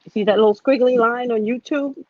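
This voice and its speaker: A woman in her fifties, a psychic reader, telling stories in a dramatic, animated way and speaking to her viewers like family on a casual livestream. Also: a little high, a little fast, dry recording, lo-fi sound. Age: 50s.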